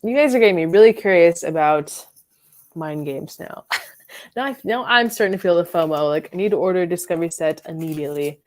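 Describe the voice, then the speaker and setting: Woman, live stream chat, rambling, giggly, filler words, slightly low pitch. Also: a little fast. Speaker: fragrance reviewer and live stream host. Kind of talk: chatty live stream talk. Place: her bedroom.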